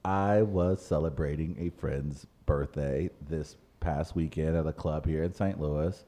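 A man hosting a podcast in casual chat, animated, with his voice jumping up when he jokes or protests. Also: unhurried. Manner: animated, jumps high when indignant or joking. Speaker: podcast host.

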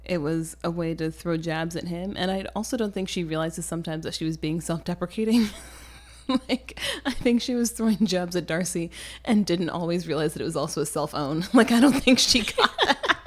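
A young woman co-hosting a casual book discussion, chatty and quick to laugh, with plenty of "like.". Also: on the low side. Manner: laughs often, chatty, says "like" a lot. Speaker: podcast co-host.

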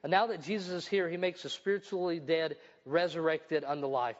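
A man's voice: on the high side, steady tone, fairly quick. A middle-aged male pastor preaching a sermon in a church, reading scripture aloud and adding his own asides. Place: church building. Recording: dull sound with long hall reverb.

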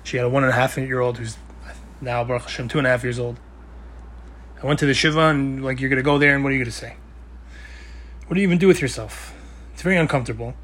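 A man's voice: medium pitch, a bit bright. A young man giving an earnest, conversational weekly Torah talk, with Hebrew and Yiddish terms mixed in. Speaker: Torah speaker.

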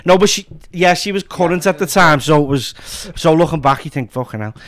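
Guest: Scouse man, slightly high voice, casual and sweary. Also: fairly quick, a bit bright. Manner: loose, sweary storytelling. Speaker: comedy character creator, guest. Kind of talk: casual podcast chat.

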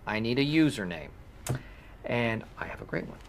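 Michael Scott, a pompous office boss. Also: male voice, fairly low pitch, expressive, normal speed, a little hiss or hum. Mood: self-important. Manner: pompous, earnest announcements. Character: bumbling self-assured male office boss. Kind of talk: sitcom dialogue.

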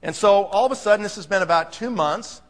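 High-voiced man telling stories in a hall. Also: quick pace, a bit bright. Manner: emphatic, conversational, frequent "okay?" check-ins. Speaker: presenter at a business seminar. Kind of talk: storytelling presentation to a live audience.

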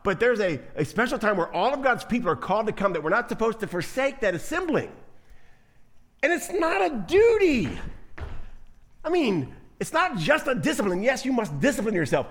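A man preaching a sermon in a slightly high voice that swings widely in pitch. He speaks animatedly, acts out the voices he quotes, and often repeats his words as he builds a point. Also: sing-song, normal speed, a bit bright. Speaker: pastor.

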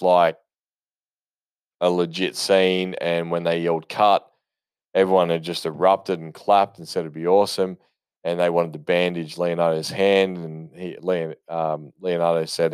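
Man, very low and smooth voice, dry close sound, casual movie chat, rambling and profane. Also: little pitch movement, measured pace, a little mellow, no echo. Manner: rambling, profane, enthusiastic storytelling with many fillers. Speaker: movie commentator. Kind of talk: casual spoken movie commentary.

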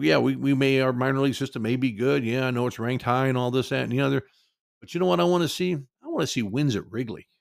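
Gravelly man ranting. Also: mid-range voice, no room sound, clean studio sound. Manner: frustrated ranting, mocking quotes. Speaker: sports talk host. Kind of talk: opinionated sports talk.

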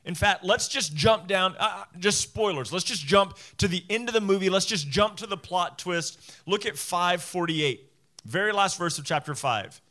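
A man with a high, bright voice preaches a sermon to his congregation. He is emphatic, doubles up his words and slips into little acted voices for the people he quotes. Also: moderate pace. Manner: emphatic, repeats phrases, acts out quoted voices. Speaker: pastor.

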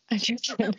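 Teen girl from the uk chatting in a live interview, lots of ums and likes, dull muffled audio. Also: on the high side. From United Kingdom. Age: teens. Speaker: interview guest, teen pageant winner. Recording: dry, dull lo-fi stream audio.

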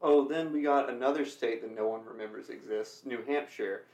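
A man's voice: mid-range voice, moderate pace, darkish tone, reverberant. A man hosting a casual group chat, joking and rambling with fillers. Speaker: podcast host.

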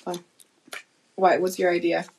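A woman's voice: fairly low pitch, completely flat delivery, unhurried, gravelly, a little mellow, slightly rough, low-quality recording. A woman visiting a friend at home, chatting casually and teasingly through a gross-flavour taste challenge, laughing and swearing. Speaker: guest friend. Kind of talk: casual chat while doing a taste challenge.

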